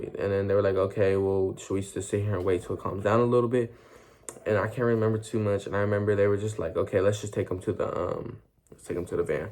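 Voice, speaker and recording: A man's voice: fairly low pitch, a little mellow. Rambling young man with slang. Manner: rambling, slangy, with many restarts and fillers. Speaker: storyteller. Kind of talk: casual storytime vlog.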